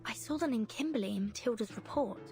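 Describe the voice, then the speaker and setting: A woman voicing a calm female interrogator who questions a frightened captive in a game. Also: a little high, close to an everyday voice. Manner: level, measured questioning. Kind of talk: game voice acting. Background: game music.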